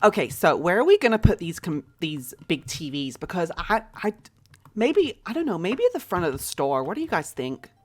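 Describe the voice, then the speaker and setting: A woman's voice: fairly low pitch, big pitch swings, normal speed. Woman putting on a brash American store-owning mom. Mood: chatty. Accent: put-on American. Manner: playful, exaggerated role-play in a fake accent.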